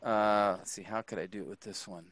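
A man teaching a grammar lesson to a group, slow and patient, often checking that the class follows. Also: lowish voice, steady tone, a bit bright, dry recording. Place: workshop room.

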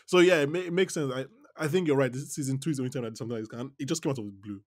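Man co-hosting a lively TV recap. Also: medium pitch, rapid-fire, dry recording, clean studio sound. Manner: animated, laughs often, stops and restarts his sentences. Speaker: podcast co-host. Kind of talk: casual TV recap chat.

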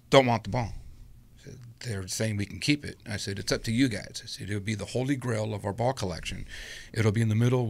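A middle-aged man with a low, gravelly voice spins a long personal story, slipping into the voices of the people in it. He sounds relaxed and chatty, speaking as a guest in a casual interview. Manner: animated anecdote-telling with acted-out quotes.

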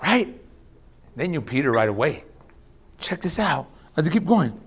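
A man preaching a sermon as pastor, casual and animated, swinging between loud bursts and hushed asides. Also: a little high, a little slow, breathy edge.

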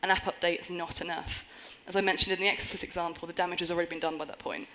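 A woman's voice: fairly low pitch, steady tone, very fast, a bit bright, poor audio. A woman giving a conference talk on a stage before an audience, earnest with wry humorous asides. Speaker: conference speaker.

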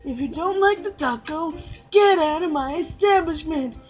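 A woman's voice: mid-range voice, moderate pace, mellow, soft background music, voice pushed down, close to an everyday voice. A woman voicing an indignant female taco shop owner who scolds and throws out a customer. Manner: scolding, blustery.

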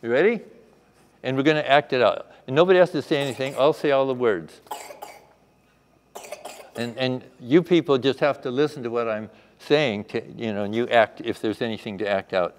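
Guy teaching kids a bible story, asks the room questions, middle pitch, echoey hall. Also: normal speed. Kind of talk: children's Bible lesson. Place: chapel.

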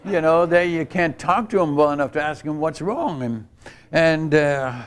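A man's voice: a little high, moderate pace. Older man telling a mission story. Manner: earnest, rambling storytelling with many restarts. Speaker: missionary speaker. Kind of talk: storytelling sermon at a church retreat. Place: church retreat camp gathering.

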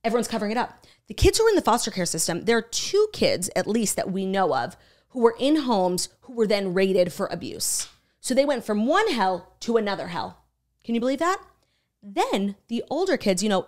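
A young woman retells a story on a casual podcast. She is animated and loose, swearing freely and filling her sentences with "like". Her voice sits at an ordinary middle pitch. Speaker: podcast co-host. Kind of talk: casual chat.

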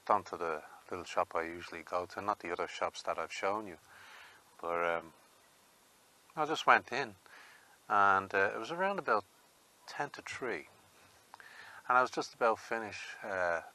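A man's voice: deep voice, expressive, moderate pace, bright, forceful tone. An Irish man vlogging in a rambling, chatty way and laughing often as he talks to viewers. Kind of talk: casual walking vlog.

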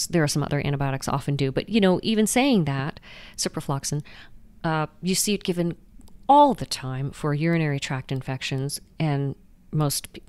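A woman doctor answering interview questions in a lively, explanatory way, often restarting sentences. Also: low-pitched, smooth, no echo. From United States. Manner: lively, explanatory, frequent restarts and "you know". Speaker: guest doctor.

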